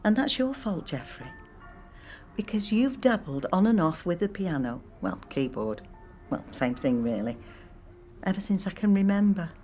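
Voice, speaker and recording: A chatty older woman, low-voiced. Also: very animated, normal speed, a little mellow, faint music behind. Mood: wry musing. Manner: rambling, dry-humoured musing to herself. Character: chatty, wry older woman on hold on the phone. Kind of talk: film monologue acting.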